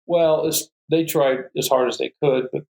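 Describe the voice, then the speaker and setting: A man's voice: a little high, fairly even intonation, normal speed, a little mellow. A man, a guest falconer, telling stories in a podcast conversation and often laughing. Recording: roomy echo.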